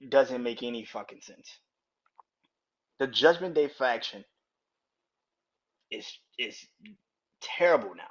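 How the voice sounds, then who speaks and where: A man's voice: medium pitch, a bit bright, husky, muffled recording. A man hosting a solo wrestling podcast, talking in a loose, profane way, laughing hard and acting out the lines of the people he quotes. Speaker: podcast host. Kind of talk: casual solo wrestling commentary.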